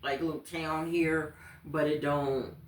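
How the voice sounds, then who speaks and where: A woman's voice: low-pitched, level tone, slow. A woman guest in a casual conversation, talking loosely and often trailing off with "you know". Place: living room. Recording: roomy living-room sound with faint background noise.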